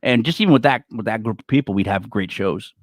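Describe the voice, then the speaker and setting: A man co-hosting a casual wrestling podcast, excitable and stumbling over his words. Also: on the low side, quick pace, dry recording, studio quality. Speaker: podcast co-host.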